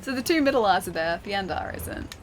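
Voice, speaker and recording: A woman's voice: medium pitch, lively intonation, brisk, a little hiss or hum. Chatty Australian woman streaming a game. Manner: chatty, laughs often, reads chat aloud. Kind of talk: casual gaming livestream chat.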